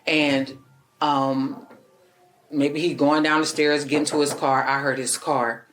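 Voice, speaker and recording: A woman neighbor giving a halting, hesitant account to police in an interview room. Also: deep voice, little pitch movement. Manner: hesitant, halting retelling with fillers. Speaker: witness, neighbor.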